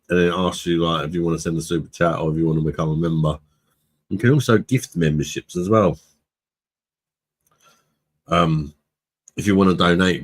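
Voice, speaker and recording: A man's voice: deep voice, slightly rough. A British man hosting a live beer review stream, chatting casually with his viewers, laughing often and swearing freely. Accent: British English. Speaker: livestream host, beer reviewer.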